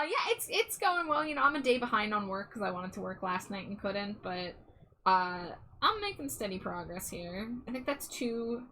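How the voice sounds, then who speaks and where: A woman's voice: mid-range voice, sharp tone, a little hiss or hum. A woman streamer chatting casually with her viewers, giggling often and reading their messages aloud. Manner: giggly, reads chat aloud. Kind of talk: casual live-stream chat.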